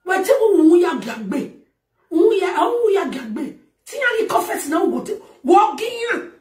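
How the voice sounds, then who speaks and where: A woman with a Nigerian accent delivering a loud, laughing, shouting rant as a talk show host. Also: very high voice, very animated, slow. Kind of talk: ranting monologue. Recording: echoey, far from the mic.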